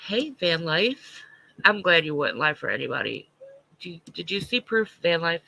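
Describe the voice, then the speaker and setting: A congested man with a stuffy nose chatting on a livestream, answering viewer comments bluntly and with a lot of swearing. His voice is gravelly with plenty of fry, set fairly high for a man and very sharp and tense in tone. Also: big pitch swings, normal speed, poor audio. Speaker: livestream host. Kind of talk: casual livestream chat.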